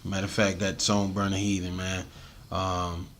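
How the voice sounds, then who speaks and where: A man with a deep voice, a music artist telling stories in a casual interview, laid-back and full of slang and fillers. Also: little pitch movement, moderate pace, a bit bright, slight background noise. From USA. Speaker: interview guest, reggae and hip-hop artist.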